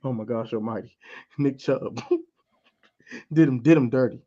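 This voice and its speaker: A man doing animated sports banter, mocking players in a theatrical way, his loudness swinging from quiet to loud. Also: mid-range voice, unhurried. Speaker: co-host. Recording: dull lo-fi audio.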